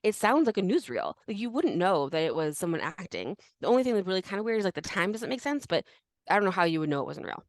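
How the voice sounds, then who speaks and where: A woman's voice: medium pitch, big pitch swings, fast talker, no room sound, rough recording. A woman co-hosting a history podcast, telling a story in a loose, chatty way with lots of "like" and restarts. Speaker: podcast co-host. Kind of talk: casual history chat.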